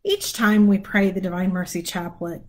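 A woman's voice: on the low side, fairly even intonation, moderate pace, a little mellow, low-quality recording. A woman leading a livestreamed prayer, chatting casually and laughing as she keeps yawning, speaking from a room at home. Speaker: prayer leader. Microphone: phone or webcam livestream.

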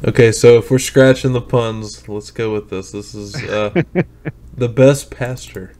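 A man's voice: medium pitch, fairly even intonation, measured pace, darkish tone. A man co-hosting a podcast who introduces clips and reacts bluntly, swearing often. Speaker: podcast co-host. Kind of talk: casual chat.

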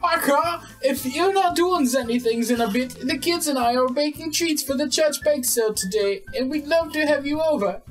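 A man voicing a cheery churchgoing dad in a high, bubbly, sing-song voice while reading a game's dialogue aloud. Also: normal speed, hardly any pauses, far from the mic, faint music behind, rough recording.

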